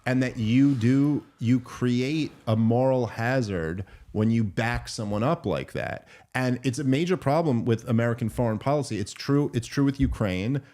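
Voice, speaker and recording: A man's voice: medium pitch, moderate pace, hardly any pauses, mellow. A man hosting a podcast, chatting casually and opinionatedly about foreign policy, often restarting his sentences. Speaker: podcast host. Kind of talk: casual political chat.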